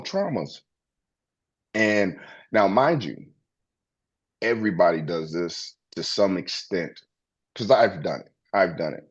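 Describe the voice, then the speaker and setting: Male co-host, low voice, earnest rambler, lo-fi dull sound. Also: a little mellow, slightly rough. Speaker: podcast co-host. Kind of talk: casual spiritual chat.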